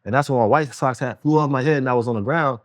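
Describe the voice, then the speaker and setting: A man's voice: mid-range voice, fast talker, no room sound, studio quality. A man hosting a casual conversation, telling a personal story with lots of fillers and acting out other people's voices. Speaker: host.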